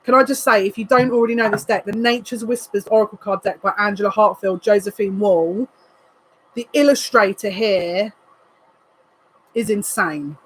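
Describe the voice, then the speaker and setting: A woman, a psychic reader, giving a live card reading to viewers in an excitable, emotional way, full of quick asides. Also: mid-range voice, slightly rough, low-quality recording.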